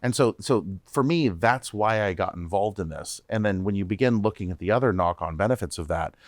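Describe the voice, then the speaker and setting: Here the same kind of speaker, a male startup founder and CEO being interviewed on a podcast, comes across as animated, frequently starting over and doubling up on words. He pitches on the low side, talks a little fast, and there's no echo.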